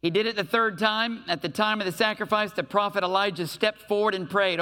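High, bright-voiced preaching man. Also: fairly quick, clear, resonant tone. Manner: animated preaching, reading scripture aloud with asides. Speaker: pastor. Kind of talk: sermon.

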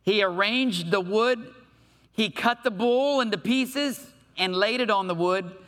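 A man preaching a sermon to his church, reading scripture aloud and breaking off with lively asides. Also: sits high, a little slow. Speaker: pastor.

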